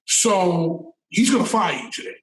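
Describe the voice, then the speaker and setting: A man's voice: high-pitched, expressive, a little slow, distant mic. A man as a podcast guest, telling stories in a casual interview, emphatic and profane, often repeating words as he builds a point. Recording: roomy and off-mic.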